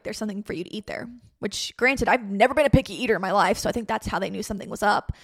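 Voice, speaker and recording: A woman's voice: mid-range voice, creaky, no echo, studio quality. A young woman, a podcast host candidly telling a personal story in a chatty way, often saying "like". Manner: chatty, frequent "like", quotes herself and others in lively voices.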